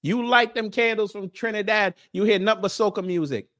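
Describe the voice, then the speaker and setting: A man runs a casual commentary stream. He reads through a list and jokes with his audience as he talks. His voice sits a little higher than most men's. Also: brisk, a bit bright. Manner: joking, talks straight to his viewers.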